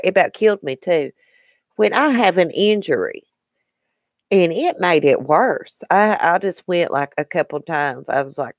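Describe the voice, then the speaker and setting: A woman's voice: on the low side, big pitch swings, moderate pace, dry recording, studio quality. A woman with a Southern American accent hosting a casual live stream, chatting and answering viewer comments by name.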